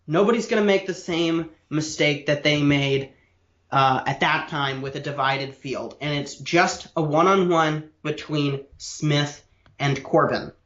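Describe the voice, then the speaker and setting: Man, podcast co-host, lecturing tone, slightly raised pitch, echoey room, a bit muffled. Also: unhurried, fairly bright tone. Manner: lecturing, detailed, with frequent restarts. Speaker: podcast co-host explaining political history. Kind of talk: casual explanatory podcast chat.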